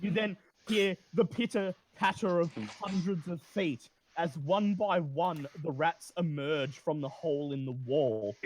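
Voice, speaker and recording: A man narrating as game master of a tabletop game over voice chat, lively and descriptive. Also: a little high, unhurried, few pauses.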